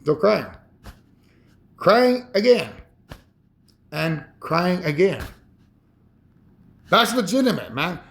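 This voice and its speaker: A man in his fifties talking in a rambling, emotional personal monologue, halting and repeating himself. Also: sits high, very animated, gravelly, fairly bright tone. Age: 50s. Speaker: vlogger.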